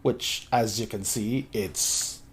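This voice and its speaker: A man voicing a laid-back young man who shrugs off punctuality, talking slow and quiet. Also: on the low side, over music, voice pushed down. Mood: unbothered.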